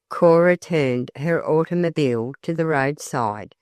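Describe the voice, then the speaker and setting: An audiobook narrator giving a measured, even scripted reading of a classic novel. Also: medium pitch, no echo, clean studio sound.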